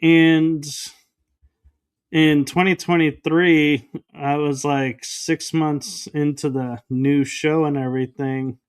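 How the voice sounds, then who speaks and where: A man guest on a podcast, telling a personal story in a casual, animated way and acting out the dialogue he quotes. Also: a little high, slow, clear, resonant tone.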